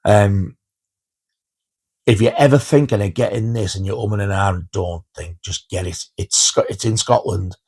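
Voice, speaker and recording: Gravelly man reviewing films. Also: on the low side, normal speed, darkish tone. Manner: chatty, enthusiastic, laughs while retelling scenes. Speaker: film reviewer. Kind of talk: casual home movie-review vlog.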